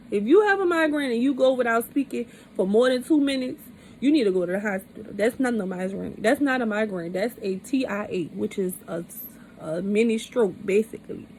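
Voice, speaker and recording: A woman's voice: fairly high pitch, darkish tone, slight background noise, poor audio. A woman vlogger retelling a personal experience in a candid, emphatic way, often repeating herself for stress. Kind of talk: personal storytime vlog.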